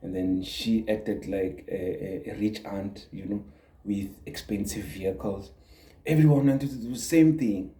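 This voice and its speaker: Guy, low voice, earnest advice, echoey room. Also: a little slow, dark tone. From South Africa. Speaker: YouTube creator. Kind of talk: casual motivational talk.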